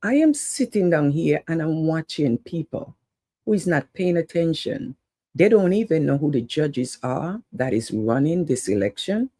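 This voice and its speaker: A woman's voice: sits low, big pitch swings, normal speed, warm tone, dry recording. A woman hosting an online talk show, giving an urgent, preachy monologue to her viewers and calling out some of them by name. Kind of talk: impassioned political monologue to viewers.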